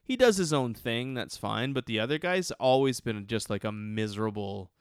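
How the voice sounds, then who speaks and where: In casual conversation, a man rambles through a story packed with profanity and restarts, his mid-range voice smooth and clear with lively intonation at normal speed. The audio is dry and close, lacking any echo or room sound.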